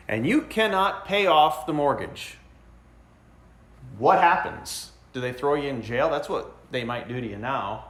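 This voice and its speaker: A man preaching a sermon in a casual, conversational way, acting out the complaining voices of the people he describes. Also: mid-range voice. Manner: animated, acts out complaining voices. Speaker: pastor.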